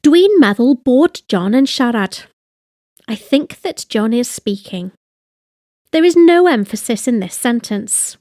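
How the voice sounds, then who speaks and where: A woman reads a language lesson from a script in a high, lively voice. She speaks slowly and carefully, pronouncing each word with deliberate precision. The sound is dry and close. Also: dry recording. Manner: slow, deliberate, carefully enunciated. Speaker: language teacher.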